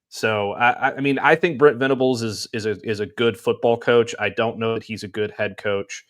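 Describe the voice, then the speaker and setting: A man's voice: mid-range voice, fairly even intonation, normal speed, few pauses, a bit bright. Rambling male sports talk co-host. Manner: rambling, many restarts and fillers.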